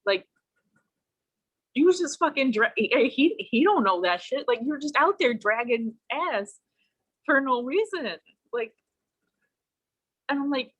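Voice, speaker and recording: A woman's voice: sits high, a little slow, long pauses, breathy edge. A woman guest on a casual online talk show, telling stories with lots of swearing and acted-out quotes. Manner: profane, animated storytelling with acted-out quotes. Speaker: podcast guest. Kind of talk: casual storytelling chat. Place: home, remote call.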